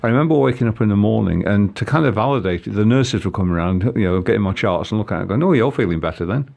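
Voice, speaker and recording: A man's voice: on the low side, vocal fry, a little mellow. A man telling a personal story in casual conversation, with frequent halts and restarts. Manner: halting, many restarts. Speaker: guest.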